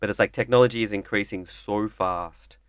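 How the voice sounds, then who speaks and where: A man in casual podcast chat, rambling and profane, often slipping into quick voices for other people. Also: on the low side, fairly even intonation, clean tone, no echo.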